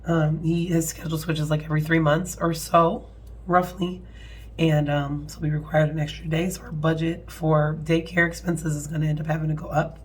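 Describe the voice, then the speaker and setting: A young woman's voice, low and worn down by a cold, hoarse and slightly nasal. She chats her way through a household budget in a loose, rambling way. She apologizes often and trails off into fillers. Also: flat delivery, normal speed. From American Midwest. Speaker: budgeting channel host. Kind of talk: casual budgeting walkthrough.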